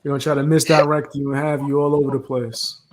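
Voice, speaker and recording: A young man hosting a casual chat, laid-back and confident, with a loose slangy manner. His voice sits slightly high for a man. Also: level tone, fast talker. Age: young adult. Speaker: host.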